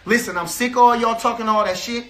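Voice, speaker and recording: Fiery high-voiced man ranting. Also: quick pace, a bit bright. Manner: fiery, repetitive, trash-talking. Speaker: member of a boxer's camp. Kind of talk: heated rant to camera.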